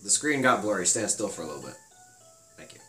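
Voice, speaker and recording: Low-voiced young man giving directions. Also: very animated, fast talker. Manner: instructive, dry, gives directions. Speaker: co-commentator guiding the player. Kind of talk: casual gameplay commentary. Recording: roomy sound with game music.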